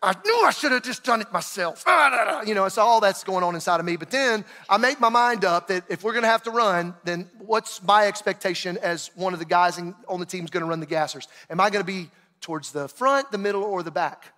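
A middle-aged man preaching a sermon, telling a personal story in an animated way and acting out shouted quotes. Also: sits high, brisk, hardly any pauses. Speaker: pastor. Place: large church auditorium. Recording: long hall reverb.

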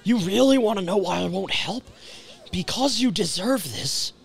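A man voicing a cruel, mocking dark twin of a young woman in a video game, with a taunting surfer drawl. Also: high voice, expressive, normal speed, gravelly, pitched above the performer's own voice. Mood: sneering. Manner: sneering, taunting line reading, surfer drawl.

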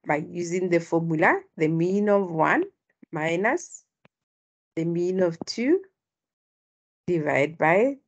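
Husky woman walking a class thru stats formulas, pretty low voice, keeps asking them to chime in. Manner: explains step by step, prompts students to respond. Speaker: statistics tutor. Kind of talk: online tutorial.

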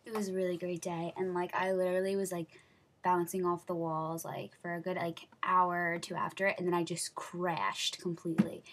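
Gushing bright-voiced teenage girl. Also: on the low side, moderate pace, a little hiss or hum. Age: teens. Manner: gushing, excitable, many "like" fillers. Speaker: vlogger. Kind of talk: casual storytelling vlog.

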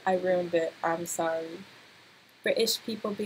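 A young woman giving casual, excitable let's-play commentary, full of gasps and laughter. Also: medium pitch, takes it slowly, long pauses, slight background noise, poor audio. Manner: excitable, laughing, exclamatory reactions. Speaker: gameplay commentator.

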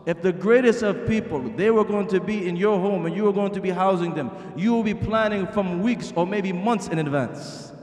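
A man's voice: high-pitched, normal speed, few pauses, a little mellow. A middle-aged man preaching a sermon in a masjid hall, earnest and asking the audience rhetorical questions. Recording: echoey hall.

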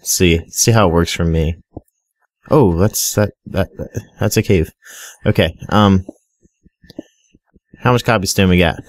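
A man's voice: low voice, a little slow, pauses often, no echo, studio quality. A young man giving casual, rambling Minecraft commentary, often stuttering and talking straight to his viewers. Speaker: gaming video creator.

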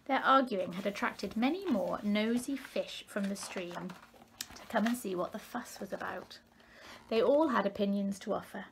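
A woman's voice: medium pitch, creaky, breathy edge. Woman reading a picture book aloud. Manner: expressive, measured storytelling. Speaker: educational consultant.

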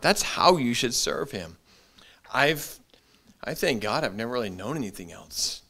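A middle-aged man preaching a sermon as pastor, animated, repeating his words as he builds. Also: mid-range voice, measured pace. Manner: animated preaching, acts out short quoted voices, frequent repeated words.

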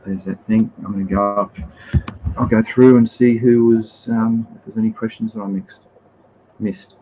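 A man's voice: fairly low pitch, little pitch movement, normal speed, warm tone, slight background noise, poor audio. A man with an Australian accent hosting a live stream and answering chat questions in a laid-back, rambling way, with slang and the odd swear word. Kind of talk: casual live Q&A.

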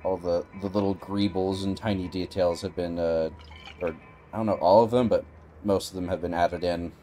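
Male stream host, relaxed, wry commentary, lower pitch. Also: normal speed, soft background music. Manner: laid-back, wry commentary. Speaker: livestream host. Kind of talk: casual gaming stream chat.

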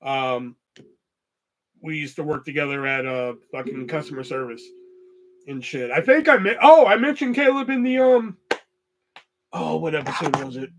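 A man's voice: on the high side, expressive, moderate pace, pauses often, a little hiss or hum. A young man hosting a podcast, telling a story in a loose, profane, rambling way full of fillers. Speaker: podcast host. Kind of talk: casual storytelling.

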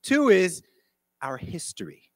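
A middle-aged man leads a workshop for educators, telling stories and throwing questions to the room. His voice sits a little high and lively, and it is recorded dry with little room sound. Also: slow pace, dry recording. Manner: animated, acts out quotes, asks the audience questions. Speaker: conference presenter, former principal. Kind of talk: storytelling workshop talk to educators. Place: conference breakout room.

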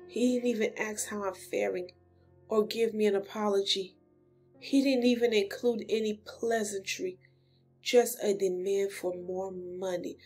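A woman reading the lines of a self-pitying young empress in a soft, wounded, complaining voice. The reading is quieter than her own talk. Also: mid-range voice, fairly even intonation, a little slow, husky, faint music behind.

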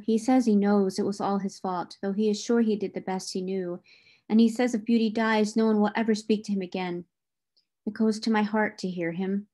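A woman reading the part of Tom, a kindly gardener who speaks low and gentle. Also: lightly acted.

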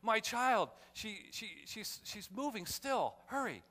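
A man's voice: high voice, sing-song, slow pace, pushed and bright, big-room sound, voice pushed up, exaggerated voice. A man voicing a desperate father who begs a driver to hurry to the hospital while he holds his wounded child. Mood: frantic pleading. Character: desperate middle-aged father, frantic and pleading.

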